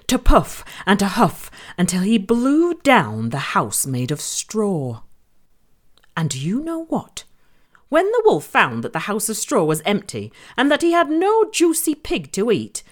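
A woman reading a children's story aloud in an expressive, playful way. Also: lowish voice.

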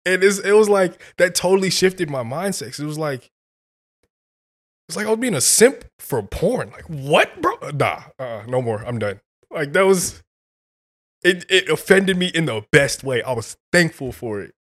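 A man, a guest on a podcast, telling a personal story in an animated, slangy, casual way. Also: on the high side, normal speed. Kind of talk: casual conversation.

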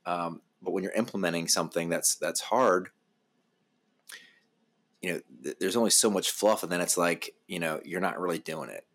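A man's voice: low-pitched, fairly even intonation, normal speed. A man co-hosting a casual podcast, thinking aloud in a reflective way with frequent fillers.

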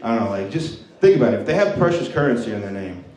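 A man's voice: medium pitch, very animated, quick pace, darkish tone. A man doing a stand-up set with crowd work in a comedy club, crude and often laughing at his own jokes. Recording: echoey room, mic from distance.

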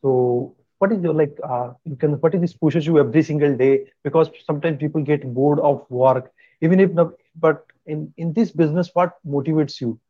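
A man's voice: fairly high pitch, moderate pace, no room sound. Guy hosting a chat, lots of uh and like, muffled dry sound. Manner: hesitant questions full of fillers. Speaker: host. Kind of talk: casual interview.

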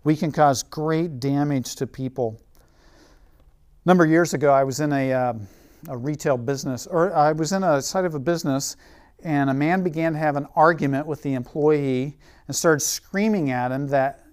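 A man preaching a sermon, telling stories and dropping to a soft, quiet voice for emphasis. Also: on the high side, normal speed, smooth.

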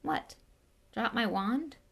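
A nervous but defiant schoolboy wizard from a storybook, his voice raised high, as a woman reads him aloud. He sounds uneasy, questioning and young. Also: lively intonation, slow, vocal fry, fairly bright tone, husky, heavily acted.

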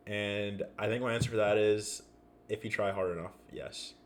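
Young man, podcast co-host, casual chat, laid-back, dry jokes, halting with fillers. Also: on the low side, fairly even intonation, a little hiss or hum.

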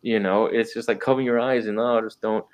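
A man's voice: lowish voice, steady tone, fast. A man talking earnestly in a casual faith discussion, restarting sentences and firing off rhetorical questions.

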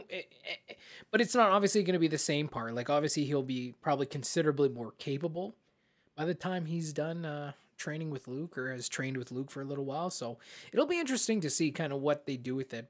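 A man co-hosting a casual film podcast, excitable and animated, often acting out scenes as he talks. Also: a little high. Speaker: podcast co-host. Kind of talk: casual film review chat.

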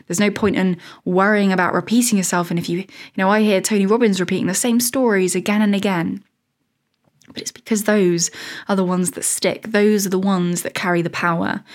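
A woman in her thirties hosting a casual solo podcast, chatty and rambling, laughing at her own tangents. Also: mid-range voice. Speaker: podcast host.

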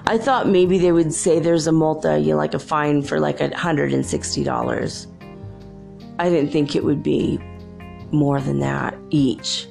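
A woman's voice: sits low, steady tone, a little slow, creaky, darkish tone, faint music behind. A woman hosting a show, telling chatty, rambling stories in a casual monologue and laughing often. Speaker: show host.

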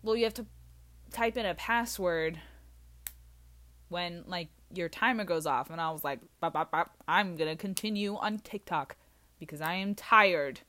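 A young woman vlogging in a rambling, scattered way, goofy and self-mocking, with sudden loud outbursts. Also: on the low side, unhurried. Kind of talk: rambling casual monologue.

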